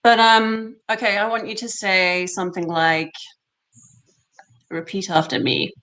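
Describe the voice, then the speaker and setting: A woman guest who is an actress and accent coach talks in a warm, chatty way. She often trips over and repeats words as she works out what to say, and her voice sits at an ordinary pitch for a woman. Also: a little slow. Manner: warm, chatty, repeats herself while thinking. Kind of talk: casual interview chat.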